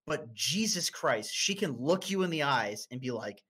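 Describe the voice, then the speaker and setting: A man in his twenties from North America, chatting casually as a podcast co-host and telling stories with lots of swearing and sudden high-pitched bursts. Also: moderate pace, slightly rough. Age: 20s. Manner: animated, profane storyteller with sudden high-pitched outbursts. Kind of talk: casual chat.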